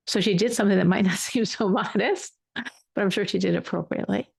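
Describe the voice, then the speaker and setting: A woman's voice: mid-range voice, a little fast, gravelly, breathy edge, no echo, studio quality. A woman teaching a Torah class, telling a story with emphatic repetition. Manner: emphatic, repeats words for weight.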